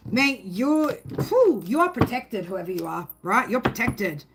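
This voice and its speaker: A woman's voice: a little high, very animated, unhurried, noisy background. A woman giving a casual spoken tarot reading, rambling and emphatic, swearing freely and often tagging her sentences with "right?". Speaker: tarot reader.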